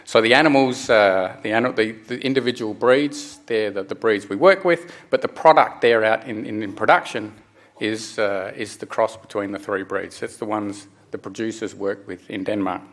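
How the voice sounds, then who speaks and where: A middle-aged man giving a technical conference presentation, speaking haltingly with frequent restarts and fillers. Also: on the low side, a bit bright.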